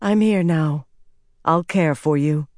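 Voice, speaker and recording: A woman's voice: low voice, slow, darkish tone, no echo, clean studio sound. A woman reading as a stern young healer. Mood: soothing.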